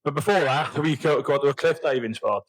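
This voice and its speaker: A man's voice: on the high side, a little fast, no room sound, low-quality recording. A young man, a podcast guest telling rambling, sweary, self-mocking stories. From Wales. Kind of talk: casual chat.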